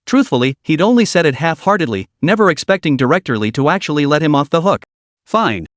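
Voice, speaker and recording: A man reading a comic recap story as scripted narration, in a lively storytelling delivery. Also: on the high side, fast talker, dry recording, studio quality.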